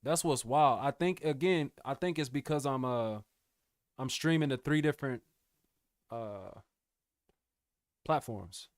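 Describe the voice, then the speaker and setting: A man's voice: mid-range voice, unhurried, long pauses, no echo, studio quality. Laid-back slangy young man streaming. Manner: laid-back slangy banter, often addressing chat as bro and y'all. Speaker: music producer streamer. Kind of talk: casual live-stream chat with viewers.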